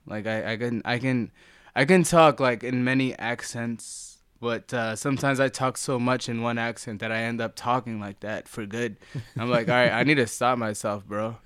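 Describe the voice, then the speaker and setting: A podcast guest, a man, talks in a loose, slangy way and laughs often. His voice is smooth and clear. The sound is close and dry, with no room behind it. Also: medium pitch, normal speed, dry recording. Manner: laughs a lot, slangy and animated. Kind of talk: casual chat. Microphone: studio microphone, no headphones.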